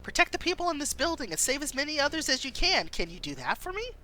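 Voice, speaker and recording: Lady doing a sweet young guy, quick and soft, story game. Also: high-pitched, sing-song, voice pushed up, exaggerated voice. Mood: caring. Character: sweet, caring young man.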